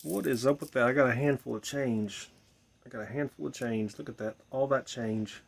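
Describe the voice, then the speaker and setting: Outdoors at night beside a bar, a tipsy vlogger in a "Mother" persona rambles to camera in a mid-range, gravelly voice at a moderate pace. He repeats himself, swears, and muses aloud to viewers he calls his children.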